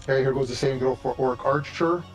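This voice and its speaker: A man's voice: medium pitch, fast, dull audio, soft background music. A man narrating and running a tabletop game as game master, talking casually with many restarts.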